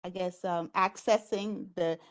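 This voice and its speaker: A woman with a mid-range voice introduces herself on an online call. She hesitates often and fills her pauses with ums as she explains herself. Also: medium pitch, steady tone, dry recording. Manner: hesitant, many fillers. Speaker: board member. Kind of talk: self-introduction in an online meeting. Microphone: video call.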